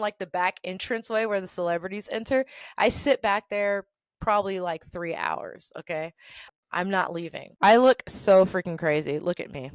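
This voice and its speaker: A woman hosting her own show, telling a story in a casual monologue with animated, sassy delivery and big swings in loudness. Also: medium pitch, no room sound. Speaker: storytelling host.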